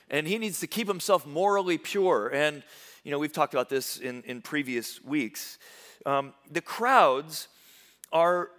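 A male pastor delivers a lively sermon in a fairly high voice. He drops to quiet, low phrases, then rises into loud, bright bursts of emphasis. He often stumbles over quick repeated words as he pushes ahead. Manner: animated preaching, swinging from hushed low lines to loud high bursts.

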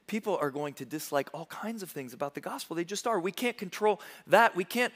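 A man preaching a sermon as pastor, swinging from hushed low lines to loud bursts and often repeating words as he goes. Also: lively intonation. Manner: stumbles into quick word repeats.

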